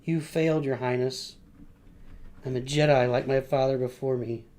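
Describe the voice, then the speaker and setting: A man quoting a defiant young male space hero from a film, slow and deliberate. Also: medium pitch, steady tone, darkish tone, natural voice.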